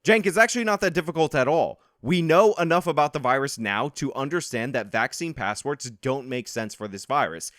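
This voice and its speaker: A man's voice: mid-range voice, lively intonation, a little fast, hardly any pauses, fairly bright tone, dry recording, studio quality. A man hosting reaction commentary, combative and sarcastic as he lectures. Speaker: political commentary host.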